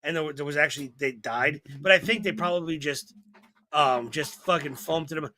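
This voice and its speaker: With a fairly quick delivery and a high-leaning voice, a male podcast co-host animatedly spins stories and impersonates characters in a lighthearted, comedic conversation. A little hiss or hum can be heard.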